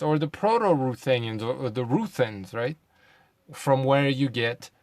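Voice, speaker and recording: A man's voice: medium pitch, no echo. Sarcastic man firing off rhetorical questions. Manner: swears, mutters asides. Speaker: video host. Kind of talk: casual monologue to camera.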